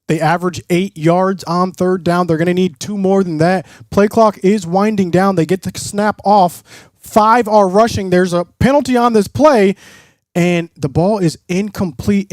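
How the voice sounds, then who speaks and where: A man's voice: sits high, a little mellow, no echo, clean studio sound. A man streaming live play-by-play commentary, mixing broadcaster-style calls with casual asides to his chat.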